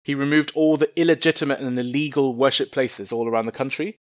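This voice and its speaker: A man's voice: medium pitch, quick pace, no room sound, studio quality. A man giving an informal Bible lesson in a chatty, humorous way with casual slang. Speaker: Bible teacher.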